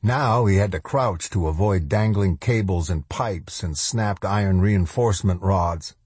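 Reading scripted novel narration, this man has a deep, dark voice with a husky texture. He keeps a measured pace that eases off on the heaviest lines, recorded close and dry with no room sound or echo.

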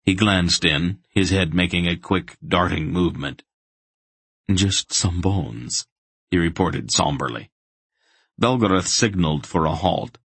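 A man narrating a fantasy audiobook in a steady, measured way. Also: deep voice, vocal fry, breathy edge, no room sound.

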